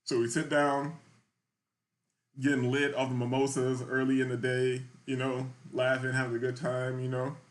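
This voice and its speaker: A young man hosts a casual podcast, spinning a loose, slangy story and often checking in with the listener by asking "you feel me." His voice is medium in pitch, his delivery completely flat, and his pace moderate.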